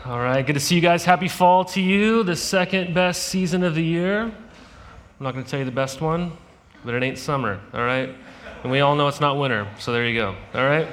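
A man with a somewhat high-pitched voice delivers a sermon as a pastor. He keeps it conversational, posing questions to the congregation rather than lecturing. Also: fairly quick, a bit bright, a little hiss or hum.

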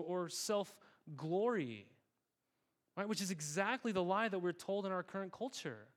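A man's voice: high voice, fairly bright tone. A male pastor giving a sermon in a conversational, emphatic way, often repeating words.

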